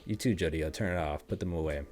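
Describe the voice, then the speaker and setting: A man's voice: low-pitched, fast talker, darkish tone, soft background music, close to an everyday voice. A man reading as a formal, commanding woman boss. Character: polite, controlling woman boss in her forties.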